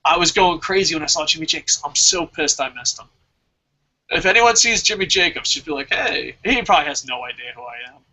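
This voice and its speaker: A man's voice: fairly high pitch, lively intonation, quick pace, sharp tone, low-quality recording. A man hosting a casual wrestling talk show, rambling, swearing and laughing often. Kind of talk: casual podcast chat.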